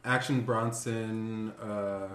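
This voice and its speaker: A man's voice: fairly low pitch, steady tone, extremely slow, fairly bright tone, a little hiss or hum. Hesitant man guest, filler-heavy. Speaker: podcast guest. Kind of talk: casual chat. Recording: roomy echo.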